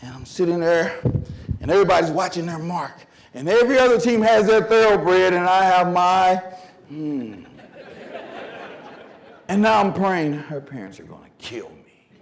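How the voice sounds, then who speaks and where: A middle-aged man giving a conference keynote, telling a story that swings from loud bursts to hushed lines. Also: sits high, lively intonation, normal speed, pauses often, a faint crowd. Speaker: motivational speaker. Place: conference hall.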